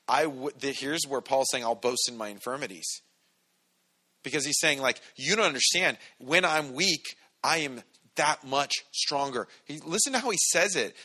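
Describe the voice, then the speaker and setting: A man preaching a conversational, animated sermon to a congregation, acting out quotes as he goes. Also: mid-range voice, moderate pace. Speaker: pastor. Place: church hall with congregation.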